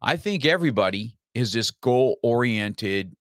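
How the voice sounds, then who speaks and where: A middle-aged man hosting an interview in a brash, animated, direct way. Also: medium pitch, unhurried, no echo, clean studio sound. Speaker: podcast host. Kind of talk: conversational interview.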